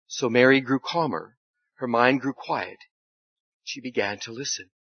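A man reading a story aloud in a church service, with expressive, dramatic delivery. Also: mid-range voice, unhurried, slightly rough, no room sound. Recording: slightly dull, dry recording.

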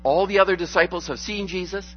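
A man's voice: sits high, steady tone, quick pace. A male pastor gives a loose, conversational sermon, quipping as he goes and stumbling through frequent restarts and fillers. The sound is dull and lo-fi, with faint music in the background.

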